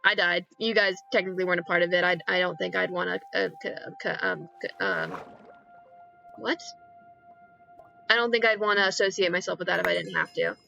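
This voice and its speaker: A young woman streaming a game, keeping up an excitable, self-mocking running commentary as she plays. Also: lowish voice, fairly quick, creaky, dull audio, soft background music. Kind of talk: casual live-stream chatter while gaming.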